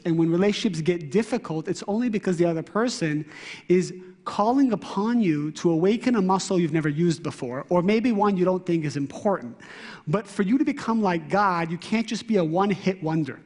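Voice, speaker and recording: A man giving an animated, interactive lecture to a live class, asking the room questions and shifting his voice often. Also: high voice, big-room sound. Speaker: spiritual teacher.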